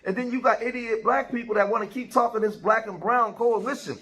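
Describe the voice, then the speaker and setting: A man's voice: very high-pitched, brisk, a bit bright, slightly rough, low-quality recording. A man, giving casual commentary in a conversational way and checking in with his listeners. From Philadelphia. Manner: conversational, keeps asking "right?".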